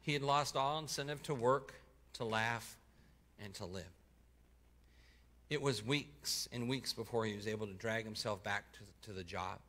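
A man preaching, telling a testimony in the first person and voicing the people in it, going quiet for the sad parts. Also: lowish voice, moderate pace. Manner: voices the people in the story, dropping soft for sad parts and lifting for excited ones. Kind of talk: sermon storytelling, reading a testimony aloud.

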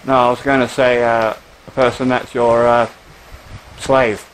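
A man's voice: medium pitch, little pitch movement, measured pace, rough recording. Rambling man playing a game, faint hiss. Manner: rambling, restarts and whiny complaints. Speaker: gamer. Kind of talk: casual gaming chat.

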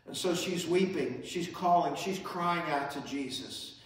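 A man's voice: on the high side, a little slow, heavy reverb, recorded from a distance, low-quality recording. A man preaching a sermon as pastor, his emphasis rising and falling. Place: church sanctuary.

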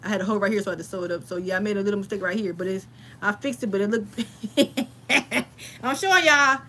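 A woman's voice: mid-range voice, quick pace, sharp tone, a little hiss or hum. A woman in her thirties, hosting a casual crafting livestream from home and chatting familiarly with her viewers.

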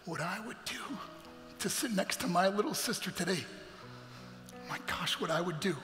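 A man's voice: high-pitched, animated, brisk, a bit bright. A man giving an earnest, emotional talk as a guest speaker in a church. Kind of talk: heartfelt motivational talk. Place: church sanctuary. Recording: long hall reverb with faint music.

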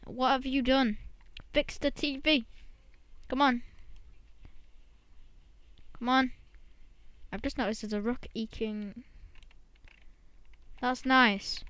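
A woman gives relaxed commentary on her game and talks straight to the monkey she is raising. Her voice is smooth and clean, and she takes her time. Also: on the high side, takes it slowly, long pauses, no echo. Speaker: gamer.

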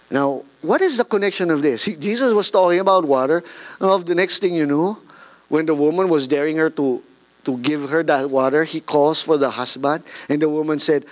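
A man with a Filipino accent preaching a sermon, animated, mixing English and Tagalog with jokey asides. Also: on the high side, moderate pace.

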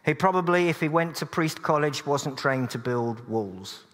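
A man's voice: fairly high pitch, animated, normal speed, fairly bright tone. Earnest preacher man in reverb. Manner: earnest, with dry humorous asides. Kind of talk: sermon. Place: church. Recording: long church reverb.

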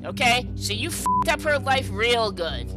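A woman's voice: on the high side, very animated, measured pace, loud music behind the voice. A woman in a heated phone argument, brash and mocking, swearing at the man she is confronting. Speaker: caller confronting a scammer.

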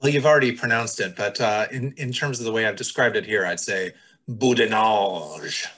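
A man, a geology guest, giving a brief, relaxed reply over a video call. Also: mid-range voice, quick pace.

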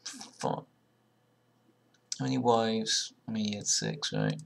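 A man's voice: lowish voice, wildly swooping pitch, takes it slowly, vocal fry. A young man casually commenting while taking an online quiz, thinking aloud and swearing sarcastically. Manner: sarcastic, swears often, sudden loud outbursts; thinks aloud, muttering guesses. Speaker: video creator.

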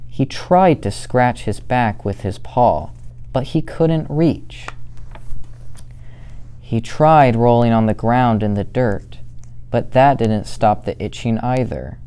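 Young male student reading a children's picture book: unhurried, warm, smooth. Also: medium pitch. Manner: slow, steady, gentle reading. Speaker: student volunteer reader. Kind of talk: children's story read-aloud.

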